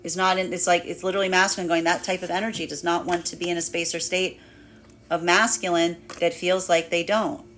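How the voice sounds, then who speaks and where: Low-voiced woman giving a circling tarot reading. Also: level tone, a little fast, fairly bright tone, slight background noise. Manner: repetitive and circling, stacks restarts, slips into playful acted asides with laughter. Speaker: tarot reader. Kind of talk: spiritual tarot reading monologue.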